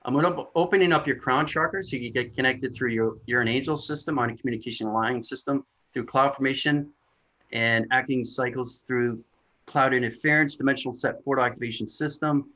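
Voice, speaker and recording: A man on a video call, doing an energy healing scan as he rattles off spiritual jargon in a quick, trailing run. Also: medium pitch, pushed and bright. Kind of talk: rapid spiritual scanning chant. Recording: dull lo-fi video-call audio.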